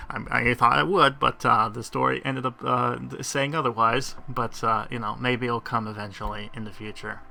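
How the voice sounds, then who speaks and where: Youtuber guy, super bright tense voice, laughs a lot, keeps stumbling and restarting. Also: medium pitch, level tone, normal speed, creaky, a little hiss or hum. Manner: rambling, laughing, lots of fillers and restarts. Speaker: gaming youtuber. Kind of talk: gameplay commentary.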